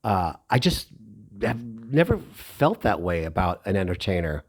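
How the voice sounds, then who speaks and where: A middle-aged man telling a personal story in a lively, heartfelt way. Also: sits low, a little slow, slightly rough. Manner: animated, emotional, lively retelling.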